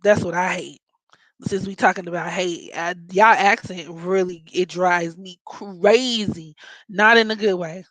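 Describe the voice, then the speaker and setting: A woman's voice: lowish voice, fairly even intonation, a little slow, fairly bright tone, no echo, poor audio. A woman from Maryland with a Baltimore accent, hosting a casual astrology chat in a blunt, profane, joking way. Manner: blunt, profane, joking, playful mock voices. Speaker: astrology podcast host.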